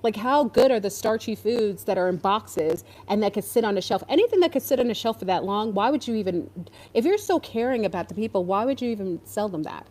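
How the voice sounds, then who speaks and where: A woman's voice: mid-range voice, animated, a little fast, a little mellow. A woman ranting in casual commentary, exasperated and sarcastic, now and then mocking others in put-on voices. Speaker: podcast host.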